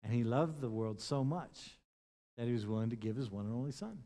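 Pastor preaching with rising and falling intensity. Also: male voice, medium pitch, a little fast. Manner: impassioned, swings between loud emphasis and hushed tones; retells scripture, acting out the speakers' lines. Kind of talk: sermon.

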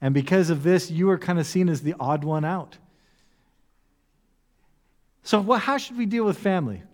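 A man preaching a sermon in an animated way, now and then acting out voices with humor. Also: sits high, normal speed. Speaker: pastor. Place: church hall. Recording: long echo of a church hall.

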